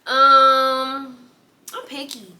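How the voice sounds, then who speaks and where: A young woman guest in casual girl talk, playful and quick to laugh. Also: roomy sound. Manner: playful, laughs easily, lively pitch swings. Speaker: guest friend.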